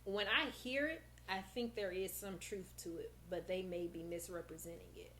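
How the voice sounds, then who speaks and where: A woman therapist, a guest on a podcast, explaining in a lively, casual way and acting out how she talks with her young clients. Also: on the low side, moderate pace.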